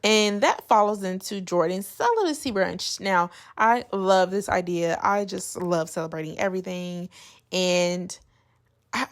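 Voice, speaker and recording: A woman's voice: fairly low pitch, measured pace. A woman vlogger giving a casual, opinionated recap of a reality show, chatty and blunt with plenty of slang.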